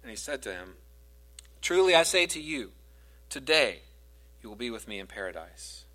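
Earnest preacher with lively pitch. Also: male voice, moderate pace, low-quality recording. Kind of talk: prayer and scripture reading.

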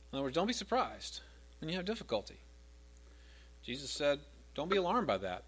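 A man's voice: a little high, big pitch swings, fairly quick, pauses often, a bit bright, husky. A middle-aged man preaching a sermon as pastor, repeating verses with rising emphasis.

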